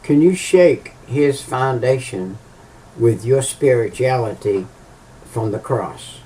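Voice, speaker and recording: A man preaching informally, halting with many fillers and restarts, and repeating key phrases for emphasis. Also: medium pitch, lively intonation, warm tone. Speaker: lay preacher. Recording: voice a bit far from the mic.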